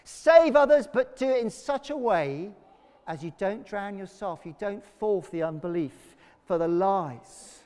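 A man delivers a lively sermon in a high, bright register. He calls on the congregation to repeat lines back to him. His voice rings with the long reverb of a church hall. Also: unhurried, smooth. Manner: energetic, leads congregation call-and-response. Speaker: pastor.

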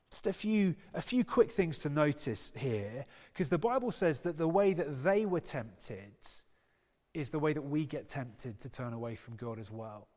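Male preacher, slightly raised pitch, chatty sermon delivery that quizzes the room, long hall reverb. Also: lively intonation, measured pace, darkish tone. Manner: conversational, quizzes the congregation. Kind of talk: sermon with scripture reading.

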